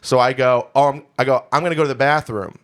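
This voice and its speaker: A man's voice: mid-range voice, steady tone, fast talker. A young man co-hosting a comedy podcast, telling a long personal story in a candid, rambling way full of restarts. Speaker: podcast co-host. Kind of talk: casual storytelling chat.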